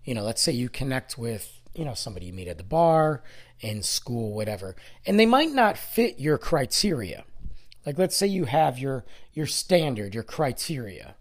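A man's voice: mid-range voice, sing-song, normal speed. A man hosting his own podcast, talking alone in a rambling, grumbling, self-deprecating way, with a nasal, congested voice from being sick. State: congested from illness. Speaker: podcast host. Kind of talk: casual solo podcast monologue.

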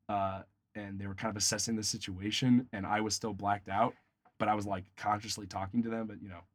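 A young man telling a wild story in a casual podcast chat, animated and profane, swinging from loud excited bursts to low mutters. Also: no room sound, studio quality.

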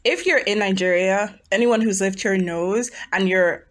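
A teenage girl in a casual podcast chat, explaining things and telling stories in an animated way. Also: medium pitch, normal speed.

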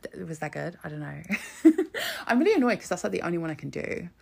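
Chatty woman with gravelly low voice. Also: wildly swooping pitch, fast, darkish tone. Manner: chatty, sweary, rambling with many restarts. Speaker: podcast host. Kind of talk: solo podcast monologue.

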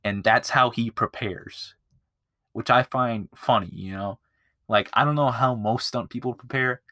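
A man's voice: medium pitch, unhurried, sharp tone, no room sound, studio quality. A man hosting his own podcast. He retells a movie in a rambling, profane, chatty way and often loses his place. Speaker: podcast host. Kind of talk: casual movie review chat.

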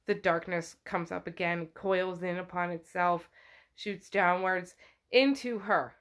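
A woman's voice: on the low side, steady tone, takes it slowly, a bit bright. A woman podcast host casually retelling a book chapter, with lots of "like" fillers.

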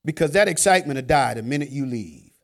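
A man preaching a sermon in a joking, conversational way, swinging from loud emphasis to hushed asides. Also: mid-range voice, lively intonation, fast, creaky.

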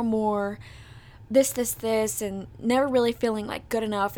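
Chatty upbeat podcast girl in her 20s, kinda high voice, says like a lot. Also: slight background noise. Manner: bubbly, chatty, many "like" and "literally". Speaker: podcast host. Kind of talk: casual chat.

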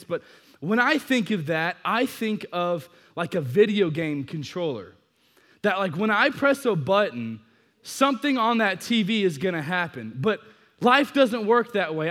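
A young man preaching to a youth crowd in a casual storytelling way, swinging from hushed asides to loud bursts. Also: sits high, in a large hall.

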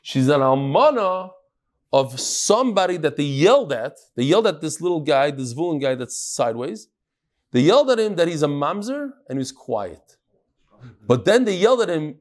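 Animated man teaching Talmud. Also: fairly high pitch. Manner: animated, acts out quotes, swings between loud and soft. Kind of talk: classroom Gemara lesson.

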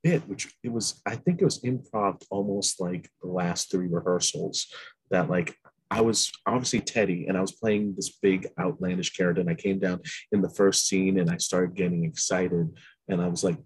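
A man casually reminiscing, in an animated way, about acting in a community play. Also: low-pitched, normal speed, breathy edge, low-quality recording. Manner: animated storyteller, laughs easily. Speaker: cast member of a community play.

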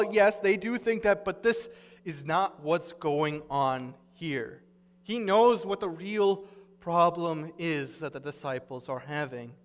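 High-voiced man preaching in a hall. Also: fairly bright tone. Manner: earnest, paraphrasing scripture in plain conversational words. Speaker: pastor. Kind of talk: sermon.

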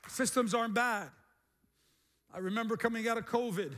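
Male pastor, high voice, lively call-and-response sermon, middle-aged. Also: normal speed. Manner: energetic, repetitive call-and-response preaching.

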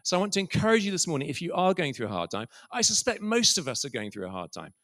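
A middle-aged preacher with a fairly high male voice. He tells stories in a relaxed sermon style, with quiet asides along the way. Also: quick pace. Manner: storytelling, quiet asides and soft whispered quotes.

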